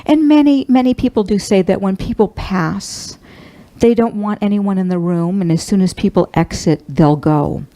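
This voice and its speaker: Warm-voiced woman minister telling a tender story. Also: mid-range voice, rough recording. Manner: tender, heartfelt storytelling with a slow, halting delivery. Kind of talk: sermon, personal story.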